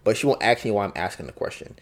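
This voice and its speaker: With a lowish, animated voice, a solo podcast host races through his thoughts in a relaxed, reflective monologue. He repeats himself a lot and voices both sides of arguments.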